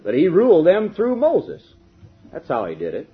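A man preaching a sermon, firing rhetorical questions and swinging between loud declarations and hushed asides. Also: fairly high pitch, wildly swooping pitch, normal speed, slightly rough, phone-quality sound. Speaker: minister preaching to a congregation.

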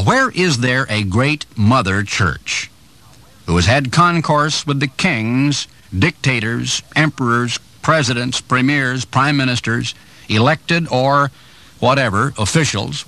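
A man delivering a radio sermon, reading scripture and then explaining it in an emphatic preaching manner. His voice is hard-edged and forceful, rising and falling widely as he leans on key words. The recording is dry and close, with no room sound. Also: no room sound. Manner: emphatic preaching, swinging pitch, slows on key phrases. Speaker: radio Bible teacher.

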